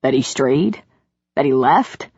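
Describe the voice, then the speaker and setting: A gentle, reassuring male lover, as a woman narrator puts him on, low and soothing with a teasing edge. Her voice is husky and dry. The audiobook recording sounds dull and lo-fi. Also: expressive, takes it slowly, no echo, heavily acted.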